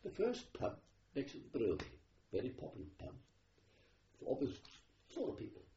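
An older man voicing an excited Welsh soldier from his home town, with a Welsh accent and loud, high exclamations. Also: moderate pace, creaky. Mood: astonished. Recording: dull roomy tape with faint hiss.

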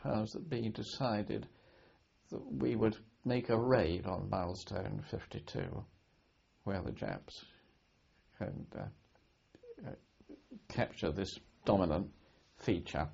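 An older man from Britain, a war veteran, recalling his service in an oral history interview, speaking haltingly with many restarts and repeated words. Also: on the low side, lively intonation, creaky, darkish tone, breathy edge. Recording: dull lo-fi archive recording.

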